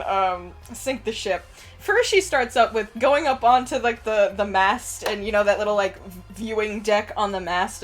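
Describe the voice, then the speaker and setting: A young woman hosting a stream, chatting casually in a giggly, rambling way and swearing freely. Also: medium pitch. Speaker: streamer host. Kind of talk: casual chat.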